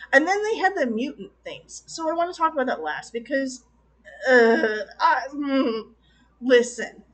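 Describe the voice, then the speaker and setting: A woman reviewing a movie in a casual rant, exasperated and animated, acting out her own baffled reactions. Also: high-pitched, normal speed, rough recording.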